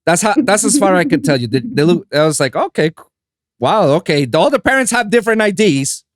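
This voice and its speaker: A man's voice: high-pitched, very animated, fairly quick, no room sound, clean studio sound. A man from Puerto Rico hosting a podcast, telling stories in casual chat, acting out quotes and swearing casually. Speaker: podcast host.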